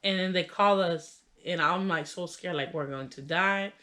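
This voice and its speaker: A woman's voice: fairly low pitch, normal speed, a bit bright. A young adult woman vlogger telling a funny childhood story in a casual, chatty way, full of "like" and "you know" fillers. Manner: laughs while telling the story.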